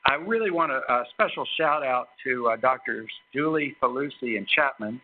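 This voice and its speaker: A man giving a formal introduction of a guest speaker at a lecture, halting often with fillers and restarts. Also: medium pitch. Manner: hesitant, many fillers and restarts. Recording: tinny phone-like recording.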